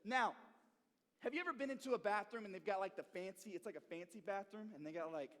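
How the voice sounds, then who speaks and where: A young man who interns at a church, telling a story to a youth group in an animated way and often checking in with "okay?" and "right?". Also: high-pitched, fast talker. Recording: long reverb in a hall.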